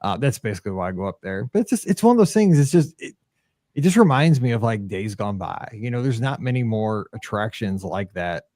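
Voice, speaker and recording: A man co-hosting a podcast in casual chat, rambling and animated with many restarts. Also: fairly low pitch, a little fast, no room sound, studio quality. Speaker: podcast co-host.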